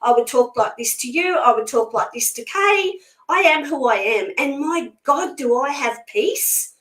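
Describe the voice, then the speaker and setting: A woman's voice: high voice, expressive, unhurried, a bit bright. A woman speaking as a spiritual medium guest in a casual conversation, blunt, emphatic and outspoken. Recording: echoey room sound.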